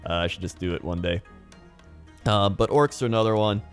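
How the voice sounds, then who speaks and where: Over soft background music, a young hobby video host with a lowish voice talks briskly and enthusiastically by himself. He rambles casually, chuckling often and restarting his sentences.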